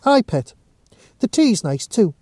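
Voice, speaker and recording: A woman's voice: mid-range voice, sing-song, slow pace, mellow, slightly rough, no room sound, clean studio sound, pitched above the performer's own voice, heavily acted. A man voicing a friendly, chatty tea shop woman with a Northeast English accent who talks to customers in a familiar way. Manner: friendly and familiar, calls people pet.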